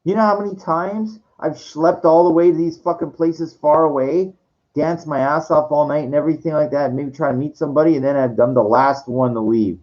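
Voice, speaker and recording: A man's voice: on the high side, fairly even intonation, a little fast, a little mellow. A man in his forties ranting about his life, with many stammered restarts, frequent swearing and exasperated outbursts. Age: 40s. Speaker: monologue speaker. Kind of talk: rambling personal rant. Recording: dull lo-fi audio.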